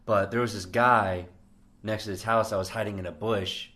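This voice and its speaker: A man from Florida casually recounting a memory on a podcast, in a halting way with restarts. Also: lowish voice, fairly even intonation, sharp tone. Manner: halting, full of fillers and restarts. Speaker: podcast co-host. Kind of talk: casual chat, storytelling.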